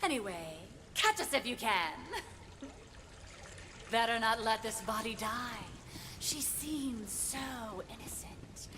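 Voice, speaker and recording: Sneering body-stealing spirit in a video game, slow mocking drawl, reverb-washed with hiss behind. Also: female voice, on the high side, animated. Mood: gleeful mocking. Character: possessing evil female spirit, smug and gleeful. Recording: game audio with long reverb and noise.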